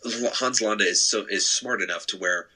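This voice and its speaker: A man's voice: fairly low pitch, moderate pace, sharp tone, breathy edge, low-quality recording. A young man co-hosting a casual movie podcast, retelling a film plot in a rambling way with many fillers and restarts. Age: young adult. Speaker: podcast co-host.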